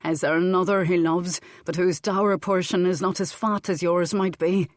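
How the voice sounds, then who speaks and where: A bold male Scottish laird, put on by a woman reading a romance audiobook, dry-humored and softly wooing. The voice sits on the lower side and the recording is dry and close. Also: fairly even intonation, moderate pace, no room sound, natural voice. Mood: teasing.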